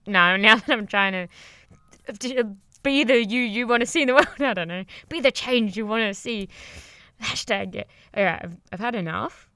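A woman's voice: mid-range voice, moderate pace, bright, forceful tone, clear, resonant tone, dry recording. A young woman hosting a casual motivational podcast, rambling and upbeat, swearing freely and laughing often, recorded very close to the microphone while crouched under blankets. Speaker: podcast host, yoga teacher.

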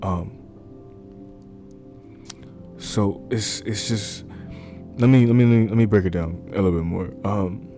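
A man with a deep, warm voice preaches in an earnest, conversational way, circling back and repeating his points. He talks into a close microphone, with faint music playing underneath. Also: fairly even intonation, slow, pauses often. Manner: earnest, repetitive, conversational with fillers. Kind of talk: informal sermon. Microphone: desk microphone.

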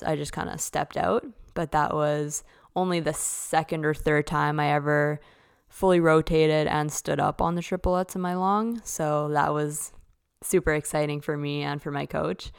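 Young woman telling a story, chatty, says like a lot, deep-ish gravelly but smooth voice. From Canada. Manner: chatty, with lots of "like". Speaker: figure skater hosting a podcast. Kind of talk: casual storytelling.

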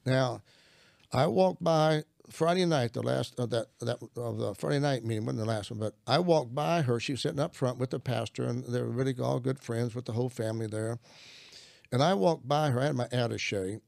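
Gravelly older man telling his testimony. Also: mid-range voice, brisk, darkish tone, no echo, clean studio sound. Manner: earnest storytelling, acts out prayers. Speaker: minister. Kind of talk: testimony in conversation.

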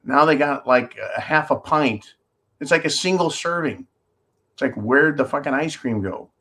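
A man's voice: fairly high pitch, animated, normal speed, pushed and bright. Sarcastic rambling male commentary host. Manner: sarcastic, rambling, swears freely. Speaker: host of a call-in style commentary show. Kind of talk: casual ranting commentary. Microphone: holds objects up to a camera while talking.

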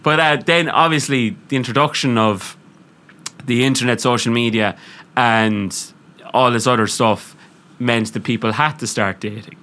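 A man's voice: mid-range voice, moderate pace, sharp tone. A young Irish man hosting a podcast, chatting casually in a rambling, laughing way and swearing freely. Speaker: podcast host. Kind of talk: casual chat.

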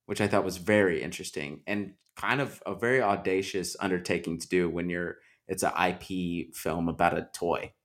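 A man's voice: deep voice, normal speed, few pauses. A man hosting a podcast, talking at length in a casual movie discussion, full of likes and restarts. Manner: talkative, many likes and restarts. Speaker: podcast host.

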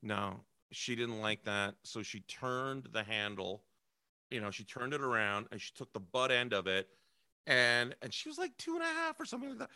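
Bright, lively male podcast storyteller. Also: mid-range voice, normal speed, clear, resonant tone, dry recording, studio quality. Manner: animated storyteller, acting out quoted voices. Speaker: podcast co-host. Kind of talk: casual chat.

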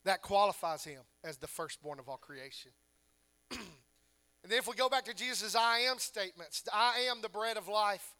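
Male pastor, high bright voice, preaching with emphatic rhetorical questions. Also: animated, moderate pace. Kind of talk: sermon.

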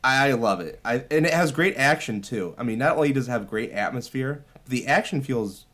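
A man's voice: mid-range voice, expressive, brisk, a bit bright. A man co-hosting a casual film podcast, thoughtful and agreeable. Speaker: podcast co-host.

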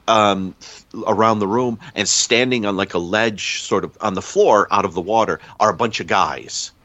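Man, low voice, casual plot recap, rambling and self-correcting, dry dull podcast sound. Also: fairly bright tone, no echo. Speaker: podcast panelist.

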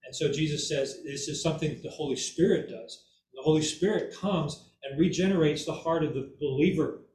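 A man's voice: a little high, fairly quick, a little mellow. A man giving an informal Bible teaching who keeps checking in with "okay?" and "right?" and repeats words for emphasis. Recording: echoey room, mic far off, faint ambience.

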